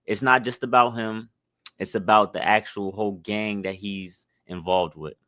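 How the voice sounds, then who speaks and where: A man's voice: fairly low pitch, fairly even intonation, normal speed, sharp tone, no echo, clean studio sound. A man hosting his channel, reacting to an interview clip in a loose, reflective way, with lots of fillers. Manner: loose, reflective, full of fillers like "like" and "mind you". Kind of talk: commentary on a video.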